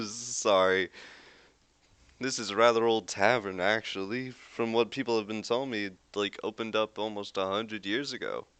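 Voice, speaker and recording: A man's voice: on the low side, moderate pace, a bit bright, clean tone, no room sound. A young man running a tabletop game as game master, narrating loosely with lots of "like". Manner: rambling with frequent "like" fillers.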